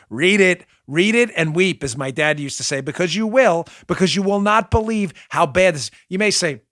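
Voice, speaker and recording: A man's voice: on the high side, fairly bright tone, no room sound, studio quality. A man hosting a political talk show, giving emphatic, sarcastic commentary and urging listeners to act.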